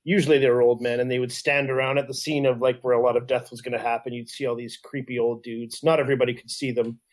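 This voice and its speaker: Canadian dude rambling on, lots of um and like, ordinary mid voice. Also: male voice, mid-range voice, level tone, fast. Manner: rambling, enthusiastic, lots of fillers. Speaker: podcast co-host. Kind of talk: casual chat.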